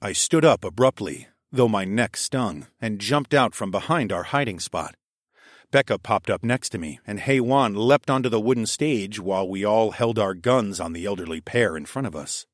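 A man's voice: lowish voice, expressive, normal speed, no room sound. A dry, close male storyteller. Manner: wry, drops to a hush for narration tags. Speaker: audiobook narrator. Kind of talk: first-person story narration with voiced characters.

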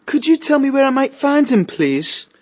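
A man's voice: extremely high pitch, sing-song, moderate pace, muffled recording, pitched above the performer's own voice. A man narrating a storybook and voicing a young male mouse who talks politely and earnestly.

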